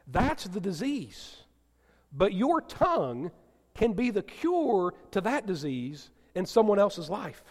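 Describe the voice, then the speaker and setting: A male pastor delivering a sermon in a church, asking the congregation questions and dropping to soft, gentle tones for emphasis. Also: high-pitched, very animated, slow pace. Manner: asks the congregation questions and teases a listener. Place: church sanctuary. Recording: long hall reverb.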